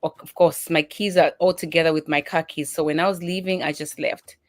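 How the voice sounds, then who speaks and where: A woman co-host and mother, telling everyday stories in casual chat with lively acted-out exchanges. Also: low voice, brisk. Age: adult mother. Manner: animated storytelling, voices her daughter and herself.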